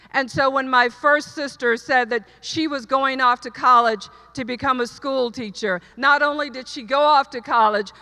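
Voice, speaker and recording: Before a live audience in a large hall, a middle-aged woman gives a commencement speech, earnestly telling her story and repeating lines for emphasis. Her voice sits high, bright and forceful, and the recording carries long hall reverb.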